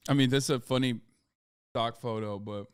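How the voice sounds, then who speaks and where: A man's voice: mid-range voice, fairly even intonation, unhurried, clear, resonant tone, dry recording, clean studio sound. A man hosting a livestream, giving casual commentary in a blunt, profane and heated way. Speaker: livestream host.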